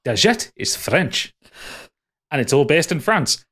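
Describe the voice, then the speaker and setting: Animated high-voiced man recapping a film. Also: a little slow. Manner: exasperated, sweary storytelling with frequent restarts. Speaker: podcast co-host reviewing a film. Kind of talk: casual chat.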